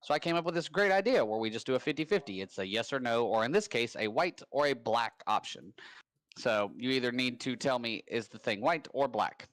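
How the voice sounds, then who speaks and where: A man hosting a casual live-stream trivia game, rambling and upbeat with quick bursts of hype. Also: medium pitch, animated, fairly bright tone, no room sound. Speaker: trivia host. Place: home.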